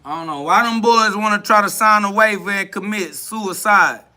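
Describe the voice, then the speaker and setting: A man's voice: high-pitched, normal speed, sharp tone. A man hosting a live stream, boasting and trash-talking in a preachy, repetitive way, answering viewers' comments.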